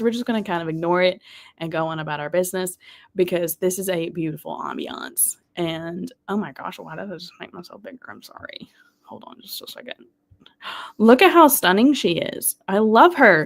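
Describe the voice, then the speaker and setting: Woman, livestream host, casual chat, bubbly, affectionate, laughs often, soft whispers at times, very lively pitch. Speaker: livestream host of reading sprints. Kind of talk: casual livestream chat, reading chat messages aloud.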